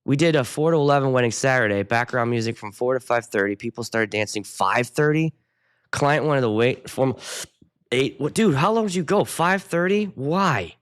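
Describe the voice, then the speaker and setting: A man's voice: medium pitch, moderate pace, smooth. A middle-aged man, a wedding DJ hosting his own show, ranting casually and profanely while chatting with viewers. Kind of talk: casual ranting livestream chat.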